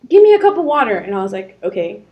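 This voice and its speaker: A woman's voice: mid-range voice, big pitch swings, fast talker, highs cut off. A young woman co-hosting a casual podcast chat, telling stories from her teenage job with lots of laughter and acted-out quotes. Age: young adult. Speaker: podcast co-host.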